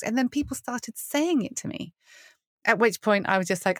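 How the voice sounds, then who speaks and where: A woman's voice: fairly low pitch, a little fast, no echo, clean studio sound. A middle-aged British woman, a worship leader guesting on a podcast, telling stories with frequent laughter. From United Kingdom. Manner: animated storyteller, laughs often, acts out quoted voices. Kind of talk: conversational interview.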